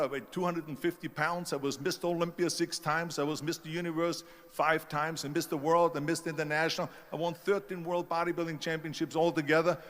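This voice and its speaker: A man's voice: a little high, a bit bright, long reverb tail. A man with a German accent giving an emphatic motivational speech, telling stories with force. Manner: emphatic storytelling. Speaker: speaker.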